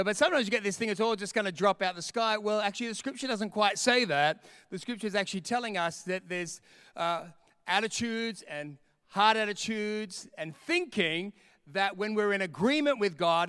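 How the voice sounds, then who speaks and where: A male pastor preaching with an energetic, emphatic delivery, hammering key lines by repeating them. His voice sits high for a man and comes through smooth and resonant. The sound is dry and close. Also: no echo. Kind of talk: sermon. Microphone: camera with a close mic.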